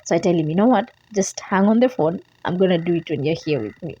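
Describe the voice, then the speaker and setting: Husky, dark-voiced woman vlogger telling a story. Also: lowish voice, animated, fast talker, dry recording, lo-fi sound. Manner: emotional, repeats herself, quotes her own prayers and talk. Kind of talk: casual storytelling to camera.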